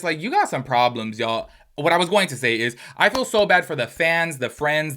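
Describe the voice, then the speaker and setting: A man's voice: medium pitch, sharp tone. A man giving a casual commentary rant as a YouTube commentator, blunt and profane, with lots of fillers.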